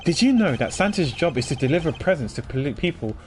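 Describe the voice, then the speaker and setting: A man's voice: a little high, big pitch swings, fast, slight background noise. A man voicing a stern young male prosecutor who speaks in a stiff, formal and cutting way.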